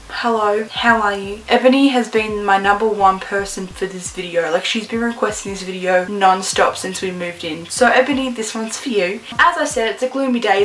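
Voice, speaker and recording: A young woman with an Australian accent chats to her camera in a casual, self-mocking way. Her voice sits a little high, and she films by hand as she walks around her bedroom. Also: fairly bright tone, rough recording. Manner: chatty, joking, self-deprecating. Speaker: vlogger. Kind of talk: casual room-tour vlog. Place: bedroom indoors. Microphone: handheld camera.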